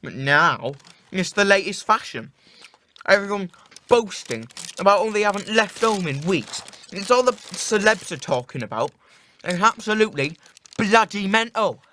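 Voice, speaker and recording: A man's voice: sits high, expressive, normal speed, pushed and bright, a little hiss or hum. A young man in a school play, playing a grumbling, sarcastic working man with old-fashioned views, in a monologue.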